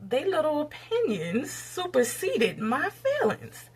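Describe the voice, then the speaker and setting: A woman's voice: wildly swooping pitch, unhurried, creaky, slight background noise. A woman from the United States, giving a candid, blunt and profane rant to her camera while cooking. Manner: blunt, profane and heated, with sudden rises in pitch. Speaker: vlogger.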